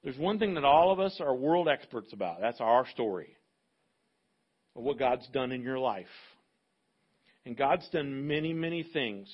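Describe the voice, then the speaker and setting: A man preaching a sermon as pastor, animated and acting out little dialogues in different voices. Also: medium pitch, unhurried, pauses often, slightly rough, muffled recording.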